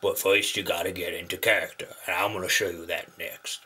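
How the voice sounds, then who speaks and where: A man doing a deep husky older gentleman. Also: flat delivery, a little fast, heavily acted. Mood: laid-back. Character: older gentleman, calm and unhurried.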